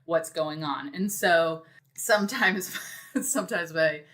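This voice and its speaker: A woman with a somewhat low voice talks very slowly on a casual podcast. As a dungeon master, she explains her ideas in an unhurried, thoughtful way, with plenty of "you know" and "like." She sounds like a relaxed guest chatting with the hosts. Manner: unhurried, thoughtful, many fillers.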